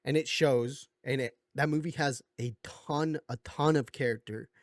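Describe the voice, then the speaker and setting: A man's voice: medium pitch, fairly even intonation, normal speed, dry recording, studio quality. A young man hosting a casual video essay, rambling with lots of fillers, joking and correcting himself. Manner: jokey, swears. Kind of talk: casual commentary.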